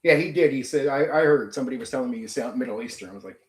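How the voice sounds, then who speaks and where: A man's voice: mid-range voice, rapid-fire, reverberant. A middle-aged man hosting a casual live chat, venting bluntly and swearing heavily. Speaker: channel host. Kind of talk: casual ranting livestream chat.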